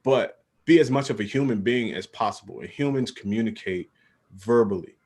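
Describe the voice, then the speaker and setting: A man's voice: fairly low pitch, moderate pace, darkish tone. A young man co-hosting a podcast, talking casually in laid-back slang and saying "bro" a lot. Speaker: podcast co-host. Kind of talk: casual chat.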